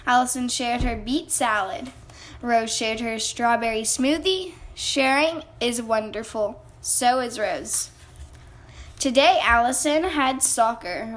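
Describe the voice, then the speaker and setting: Children's reader: woman, high voice, bright and animated. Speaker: storybook reader. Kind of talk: children's read-aloud.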